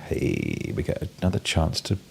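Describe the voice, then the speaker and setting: A man's voice: very deep voice, huge pitch swings, normal speed, creaky, darkish tone, a little hiss or hum. A British man with a cold, giving wry, playful commentary while playing a game, with many ums and restarts. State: has a cold, coughing and sneezing. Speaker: game streamer. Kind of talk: casual gameplay commentary.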